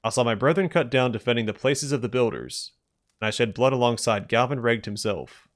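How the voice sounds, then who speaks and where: A man reading out the lines of a proud, grim old male tribal chieftain in a stern, measured way. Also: mid-range voice, expressive, natural voice.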